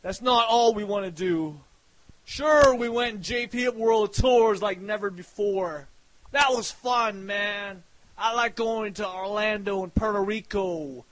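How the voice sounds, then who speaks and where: Loud high-voiced man ranting. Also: slow pace, dry recording, rough recording. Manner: loud, profane, boastful, often shouting. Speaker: website owner. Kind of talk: hype rant to viewers.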